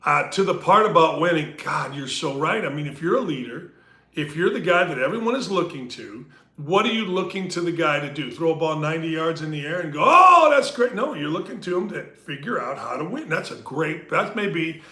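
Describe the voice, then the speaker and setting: A man hosting a casual sports podcast, animated and jokey, sometimes speaking straight to the listeners. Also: fairly high pitch, fairly quick, roomy sound. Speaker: podcast host.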